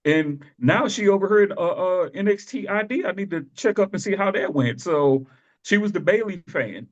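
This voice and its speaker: A man co-hosts a casual wrestling podcast, his voice sitting a bit high. He tells loose, animated stories, laughs often, and acts out the people he quotes. The recording sounds dull and lo-fi. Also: moderate pace. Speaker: podcast co-host.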